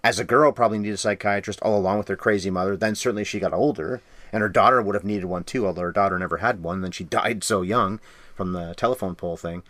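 A man co-hosting a podcast, talking through a horror film in casual chat with quick, jokey asides. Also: fairly low pitch, a bit bright, dry recording. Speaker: podcast co-host.

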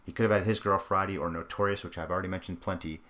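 Deep-voiced man chatting about films. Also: steady tone, rapid-fire, sharp tone. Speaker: podcast co-host. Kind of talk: casual film discussion.

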